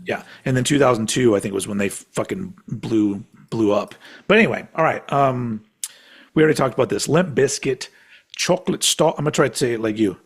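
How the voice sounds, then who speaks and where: A man in his forties co-hosting a casual podcast, chatting excitably and swearing freely. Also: mid-range voice, a little fast, slightly rough. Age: 40s. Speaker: podcast co-host. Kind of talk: casual chat ranking albums.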